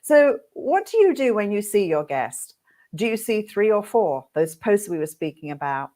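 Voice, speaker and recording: A middle-aged woman teaching hairdressers in a webinar, telling stories with lively, acted-out reactions. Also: medium pitch, normal speed. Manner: lively, animated storyteller who acts out her own reactions. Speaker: hairdressing educator hosting a webinar. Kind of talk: webinar talk with storytelling.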